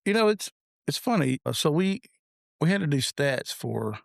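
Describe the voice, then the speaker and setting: A man's voice: on the high side, sing-song, normal speed, vocal fry, dry recording, clean studio sound. A man in his forties, a police officer co-hosting a podcast, telling blunt, profane stories in casual chat.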